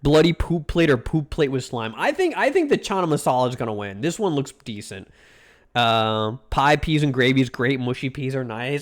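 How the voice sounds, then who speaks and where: A man's voice: mid-range voice, sing-song. A man streaming live, reacting to food pictures and chatting with viewers in a rambling, crude, joking way. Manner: rambling, crude jokey banter, drawn-out food names. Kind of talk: casual live-stream chat.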